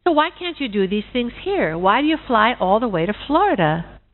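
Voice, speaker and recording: Woman voicing a cheery, nosy storybook pig, chatty and high, phone-like sound. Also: big pitch swings, normal speed. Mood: cheerful. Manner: bright, chatty, friendly. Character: cheerful sociable busybody female pig.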